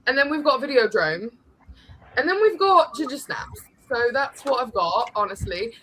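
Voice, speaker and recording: A refined, gushing Englishwoman, put on by a woman in a mock English accent and overdone posh diction. Her voice sits fairly high and sounds bright and clear. Faint background noise runs underneath. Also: sing-song, normal speed, poor audio.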